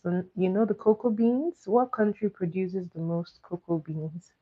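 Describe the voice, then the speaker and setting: A woman's voice: on the low side, measured pace. Woman hosting trivia on a lo-fi stream. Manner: coaxing, reads questions out to chat and repeats them. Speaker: livestream host running trivia. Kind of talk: casual live trivia chat. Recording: dull lo-fi stream audio.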